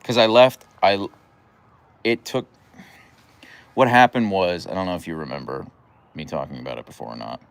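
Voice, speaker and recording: A man's voice: sits low, moderate pace, creaky, pauses often, no echo. A young man chatting casually on a livestream at home, rambling through stories and answering viewer comments. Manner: rambling and chatty, full of fillers and restarts. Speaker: dog owner livestreaming his huskies. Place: at home, on a deck by his dogs.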